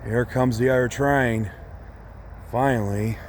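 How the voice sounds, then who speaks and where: A man filming trains trackside outdoors, talking casually and excitedly, repeating himself and calling out locomotive numbers. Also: mid-range voice, slow. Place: outdoors beside a railway line. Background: passing train, outdoor noise.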